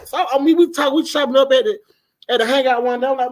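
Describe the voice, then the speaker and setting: A middle-aged man co-hosting a casual chat, telling animated, profane stories and acting out the people he quotes. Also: very high voice, quick pace. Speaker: co-host.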